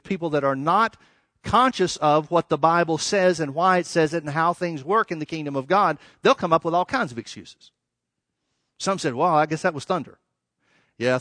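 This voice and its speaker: A man's voice: a little high, a bit bright, no echo. A man preaching a sermon, reading verses and explaining them with emphatic rises and dramatic drops. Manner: emphatic, rising and falling, with dramatic pauses.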